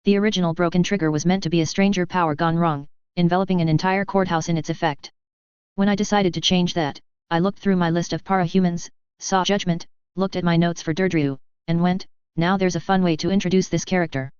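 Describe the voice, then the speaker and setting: An audiobook narrator reading a fanfiction story aloud in an even, measured way, first with an author's note and then with the chapter. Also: medium pitch, smooth, no echo, lo-fi sound.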